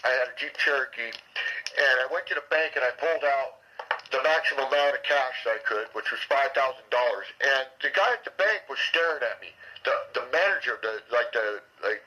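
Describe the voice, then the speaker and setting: A man's voice: medium pitch, a little fast, sharp tone, rough recording. A man telling a personal story in casual speech, rambling with many restarts and swearing, and acting out heated arguments in a raised voice. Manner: heated, acts out quoted exchanges with a raised voice.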